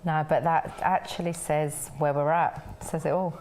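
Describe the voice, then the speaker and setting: A woman co-hosting a casual fan show. Her voice sits low, and she puts her opinions across firmly in loose conversation. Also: steady tone, normal speed, darkish tone, slight background noise. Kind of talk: casual chat.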